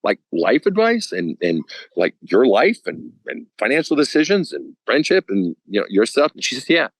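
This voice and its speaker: A man's voice: mid-range voice, moderate pace, breathy edge. A man talking as a counselor guest in a casual podcast chat. He is blunt and profane, and he acts out little scenes as he tells stories. The sound is dry and close, with no room echo. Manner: blunt and profane, animated storytelling.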